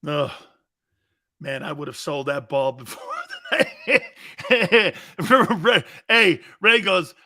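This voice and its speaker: Male sports talk host, rambling and brash, lively swooping delivery. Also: fairly high pitch, unhurried, pauses often. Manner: animated, rambling, brash, laughs often. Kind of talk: sports talk show rant.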